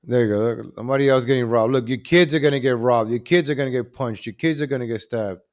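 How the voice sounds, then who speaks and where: A man hosting a live commentary stream, animated and repetitive, calling out to viewers as ladies and gentlemen. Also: medium pitch, quick pace. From New York.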